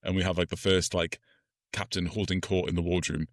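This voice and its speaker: A man's voice: low-pitched, level tone, a little fast, no echo, studio quality. A man co-hosting a podcast, giving an enthusiastic, explanatory film review with frequent laughter. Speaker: podcast co-host. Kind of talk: casual film review chat.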